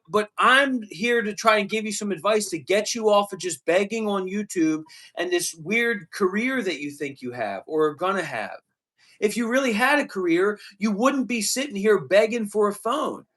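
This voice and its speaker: A man's voice: high voice, animated, moderate pace, a bit bright. A man live streaming, talking bluntly and lecturing the person he addresses.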